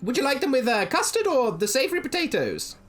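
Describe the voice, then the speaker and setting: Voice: high voice, big pitch swings, quick pace, pitched above the performer's own voice. A game master putting on a chirpy gnome woman vendor. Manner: polite, chirpy, hesitant with ums. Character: cheerful fussy female gnome food seller. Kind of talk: tabletop role-play voice.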